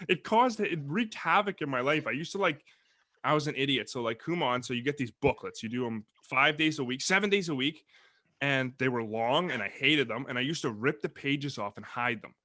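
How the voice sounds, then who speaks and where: A young man hosts a podcast and rattles through childhood memories at a rapid clip. His voice is bright and forceful, recorded close and dry. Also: mid-range voice, animated, dry recording. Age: 20s. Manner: quick, laughing reminiscing. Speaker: podcast host. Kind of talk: casual chat.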